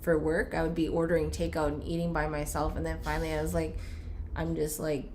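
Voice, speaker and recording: Earnest woman with a very low voice. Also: monotone, brisk, a little mellow, slight background noise. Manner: reflective and earnest, speaking openly about her personal growth. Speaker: podcast co-host. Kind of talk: casual conversation.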